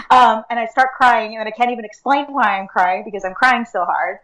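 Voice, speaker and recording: A woman's voice: medium pitch, quick pace, hardly any pauses, a bit bright, rough recording. A woman speaking as an interview guest, talking earnestly in a casual way with many fillers like "like" and "um". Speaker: guest, akashic records reader and teacher.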